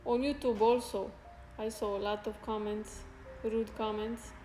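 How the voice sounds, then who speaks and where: A woman hosting a casual live stream, chatting with viewers in a soft-spoken, halting and grateful way. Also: on the high side, little pitch movement. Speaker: fitness streamer. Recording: roomy echo with faint music.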